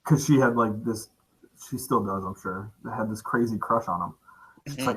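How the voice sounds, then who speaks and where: A man telling a concert story in casual chat, relaxed, with many "uh" fillers. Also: on the low side, moderate pace, a little hiss or hum, poor audio.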